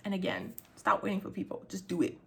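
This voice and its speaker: A young adult woman vlogging in casual chat, rambling and swearing freely, her voice jumping up when she gets excited. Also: mid-range voice, fast, creaky, a little hiss or hum.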